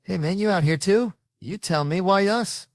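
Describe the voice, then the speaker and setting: A man putting on a pushy, high-pitched parking attendant. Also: moderate pace, no echo, studio quality. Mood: pushy, insistent. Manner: insistent, repetitive questioning. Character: pushy, overexcited male parking booth attendant.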